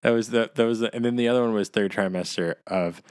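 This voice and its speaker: Male podcast host, fairly low voice, dry sound, lively storyteller. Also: quick pace, smooth, no echo. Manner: animated storyteller, quotes others, laughs easily. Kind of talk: casual chat.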